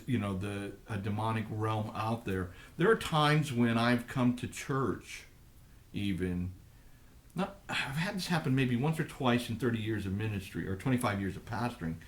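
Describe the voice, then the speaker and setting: A middle-aged man, a pastor, talking on a live ministry program in a thoughtful, halting way with many restarts. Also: mid-range voice. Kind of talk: live radio ministry talk.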